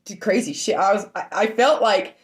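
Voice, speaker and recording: A woman streaming casually to her online group, shaken, repeating herself, swinging from loud outbursts to low murmurs. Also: moderate pace. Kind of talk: emotional casual storytelling.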